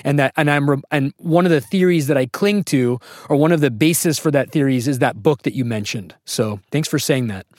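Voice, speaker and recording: A man's voice: medium pitch, normal speed, few pauses, darkish tone, no echo, studio quality. A man hosting a casual interview, asking curious, conversational questions. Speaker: podcast host interviewer.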